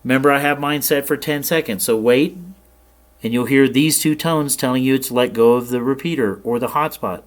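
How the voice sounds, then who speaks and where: A man at mid pitch talks a viewer through software settings in an easygoing tutorial. He explains in a plain, relaxed way and stops now and then to check that the viewer is following. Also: normal speed. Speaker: ham radio tutorial host. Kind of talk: casual screen-share tutorial.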